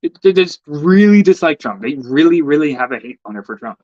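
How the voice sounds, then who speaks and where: A man's voice: on the high side, animated, a little fast, few pauses, no echo. A man in a casual, heated rant, swearing often and stammering over repeated words. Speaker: vlogger. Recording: dull lo-fi dry recording.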